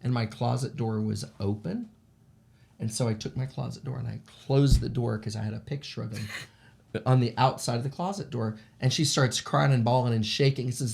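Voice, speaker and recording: A middle-aged man, telling a personal story in a casual, animated way. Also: medium pitch, moderate pace, gravelly. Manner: animated, acts out the voices of people in his stories. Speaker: shaman sharing paranormal stories.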